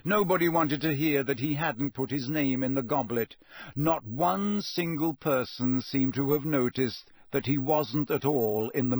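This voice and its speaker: Man narrating an audiobook, measured. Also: mid-range voice, dry recording, clean studio sound. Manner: measured, steady storytelling.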